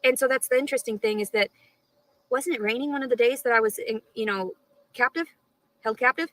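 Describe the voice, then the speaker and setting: A woman's voice: fairly high pitch, brisk, fairly bright tone, no room sound, poor audio. A woman talking straight to her live stream audience, rambling and swearing a lot, with an aggrieved tone. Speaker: livestreamer.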